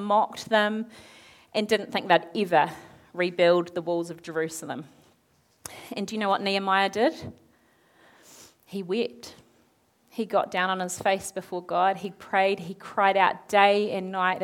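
A woman preaching a sermon, retelling a Bible story in a lively way, acting out the characters' lines and asking her listeners questions. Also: mid-range voice. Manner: animated, acts out quoted characters, asks the audience questions.

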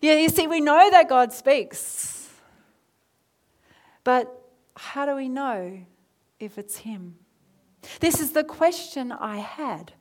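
A woman preacher in her thirties leading a prayer, then telling her story with lively asides and soft near-whispered moments. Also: high voice, slow pace, long pauses. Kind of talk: sermon with prayer.

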